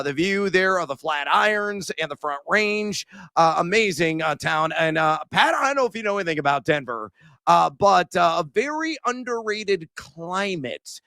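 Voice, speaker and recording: A man's voice: a little high, bright, forceful tone, smooth, no echo. A man hosting a sports betting talk show, chatting casually with jokes and lots of "uh" fillers. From Central Illinois. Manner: rambling, jokey, many "uh" fillers.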